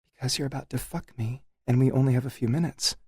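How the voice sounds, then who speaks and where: A woman's voice: a bass voice, fast, dark tone, breathy edge, no echo, studio quality, pitched above the performer's own voice. A man voicing a playful, bossy adult wife in an audiobook, teasing and commanding. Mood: seductive. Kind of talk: audiobook character voice.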